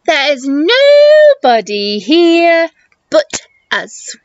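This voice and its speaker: A woman's voice: high voice, huge pitch swings, drawn-out words, heavily acted. Woman playing a fussy scolding giantess. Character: giant's flustered bossy wife. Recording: muffled recording with hiss.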